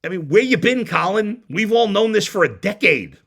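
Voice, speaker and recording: A man's voice: sits high, animated, normal speed, creaky, a bit bright. A man hosting a sports talk show, ranting bluntly and heatedly with frequent stumbling restarts. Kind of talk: opinionated sports radio rant.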